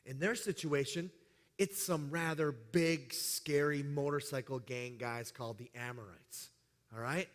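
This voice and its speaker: A man's voice: medium pitch, measured pace, big-room sound. A middle-aged man preaching a sermon as a pastor, conversational and joking, with frequent asides. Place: church sanctuary.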